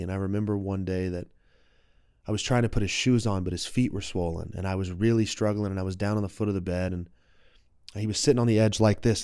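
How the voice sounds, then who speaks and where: A man's voice: fairly low pitch, darkish tone, smooth, no echo, clean studio sound. A man in his twenties, a podcast guest, telling a personal story in an open, heartfelt and reflective way. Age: 20s.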